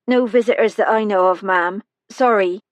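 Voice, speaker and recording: A woman's voice: medium pitch, dry recording, voice pushed up, natural voice. A woman voicing a nervous young care-home aide who answers evasively and politely. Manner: evasive, hurried, deferential.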